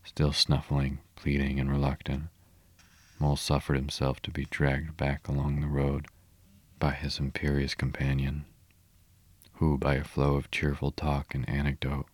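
Deep monotone male storyteller. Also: dry recording. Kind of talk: reading a children's classic aloud.

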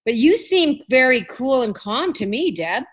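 A woman's voice: high voice, big pitch swings, a little slow, husky. A woman hosting an interview podcast, chatty and self-deprecating, joking as she goes. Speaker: podcast host. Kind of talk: casual interview chat.

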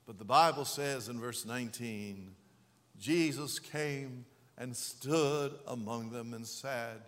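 A man preaching a sermon as pastor, speaking slowly and deliberately with dramatic pauses and swells. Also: medium pitch, big-room sound.

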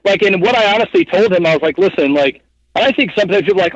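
A man in his thirties, a hunting guide and cameraman appearing as an interview guest, rambles animatedly through a story, very fast and full of fillers like "like" and "you know what I mean," plus tangents. His voice sits a touch high for a man. The sound is dry, a little dull, with no room sound.

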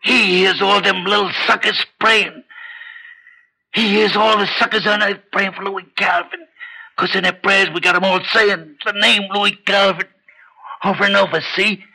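An actor playing a scheming, bullying old gangster boss who is bedridden and weak, talking in rough street slang in a 1960s radio drama. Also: male voice, high-pitched, fairly even intonation, normal speed, pushed and bright, full character voice, low-quality recording.

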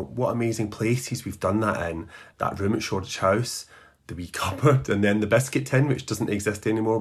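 Guy, low husky voice, chatty and nostalgic, lots of little asides. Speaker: podcast founder and host. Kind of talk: reflective farewell monologue.

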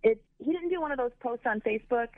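A woman's voice: on the high side, expressive, fast, no echo. A woman calling in to a radio show, sheepish and hesitant, laughing nervously. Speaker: caller. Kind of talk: phone-in call. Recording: tinny phone line.

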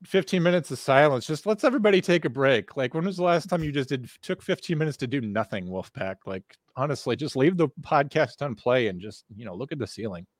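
A man guesting on a podcast, casually telling a rambling, animated anecdote with plenty of swearing. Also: mid-range voice, fairly quick, hardly any pauses, no room sound, studio quality.

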